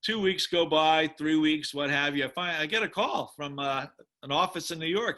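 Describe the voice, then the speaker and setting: A middle-aged man from the United States, a musician telling stories from his career in a lively, animated interview manner. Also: on the high side, moderate pace. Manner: animated storyteller, acts out quoted voices. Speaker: musician and drummer. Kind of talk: storytelling interview.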